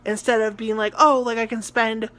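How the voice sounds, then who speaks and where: Rambling young American woman, slightly high. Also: little pitch movement, normal speed, fairly bright tone. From United States. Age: young adult. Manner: rambling, ranting, heavy on filler words. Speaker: college theatre student vlogger. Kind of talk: casual vlog chat.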